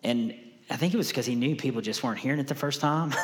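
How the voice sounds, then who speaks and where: A male preacher delivers a sermon in an easygoing, conversational way, repeating his main points so they sink in. His voice sits at an ordinary middle pitch. It carries a long reverb from a church sanctuary. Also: fairly quick. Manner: conversational, repeats key lines for emphasis.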